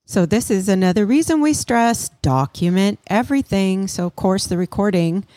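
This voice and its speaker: A woman co-hosting a podcast, asking questions and adding her own take in relaxed conversation. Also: medium pitch, moderate pace, dry recording. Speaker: podcast co-host. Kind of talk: casual true-crime chat.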